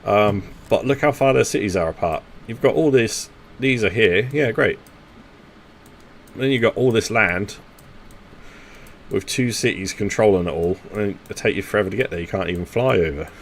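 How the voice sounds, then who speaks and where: A man's voice: lowish voice, normal speed, a little hiss or hum. A man, chatting casually with teammates while live streaming a strategy game and thinking aloud. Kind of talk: casual gaming commentary talking to teammates.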